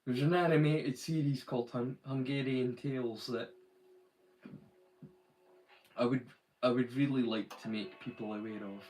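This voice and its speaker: A man's voice: mid-range voice, fairly even intonation, measured pace, long pauses, darkish tone. A man from the UK hosting a live watch-along in a rambling, casual chat, swearing freely. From United Kingdom.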